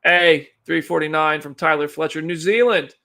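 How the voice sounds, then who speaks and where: Male live-stream host, chatty, gravelly, bright tone; reads chat and news. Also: on the high side, normal speed. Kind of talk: casual live commentary.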